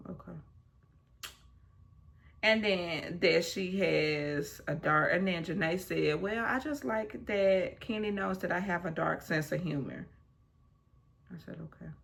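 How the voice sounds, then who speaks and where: Gravelly, unhurried woman recapping a show. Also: lowish voice. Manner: animated retelling, acts out quotes, blunt asides. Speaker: reality show recap host. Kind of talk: casual recap vlog.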